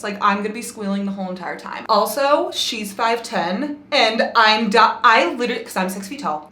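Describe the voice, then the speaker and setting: A woman's voice: medium pitch, bright, forceful tone. Gushing young woman vlogger. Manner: gushing, swears freely, laughs often. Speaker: book vlogger. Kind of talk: casual reading vlog chat. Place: home, bathroom while doing makeup.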